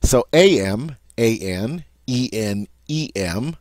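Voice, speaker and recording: A man's voice: mid-range voice, animated, slow, a little mellow, no room sound. A man giving a patient language lesson, explaining sounds step by step and often checking in with "all right?". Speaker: French teacher.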